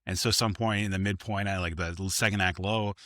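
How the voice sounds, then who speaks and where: A man's voice: sits low, a little fast, no echo, clean studio sound. A man co-hosting a casual movie review podcast, retelling scenes and acting out the characters' lines. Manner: animated retelling, acts out quotes in voices. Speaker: podcast co-host.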